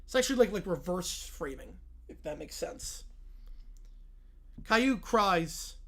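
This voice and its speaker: A man's voice: high-pitched, lively intonation, measured pace, fairly bright tone. Laid-back male streamer chatting. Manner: laid-back, laughing, mumbled asides. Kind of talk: casual live-stream reaction chat.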